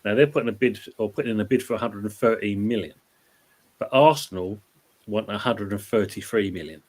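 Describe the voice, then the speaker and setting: Laid-back, lower-voiced male host. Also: a little fast, a little mellow. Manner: laid-back, reads viewer comments aloud. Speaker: podcast host reading live chat. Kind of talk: casual football chat.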